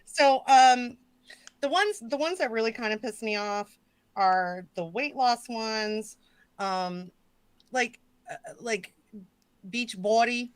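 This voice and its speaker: A woman hosting a casual live stream, chatting loosely and swearing, with jokey shout-outs to her chat. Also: fairly high pitch, lively intonation, slow, pauses often, clean tone, no room sound. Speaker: stream host.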